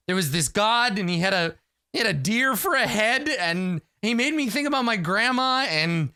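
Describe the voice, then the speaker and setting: A man voicing a lonely, hurt young male hero who pleads and sobs in a raised, high voice. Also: a little fast, pushed and bright, clear, resonant tone, dry recording, studio quality. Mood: weepy. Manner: sobbing, pleading, high-pitched.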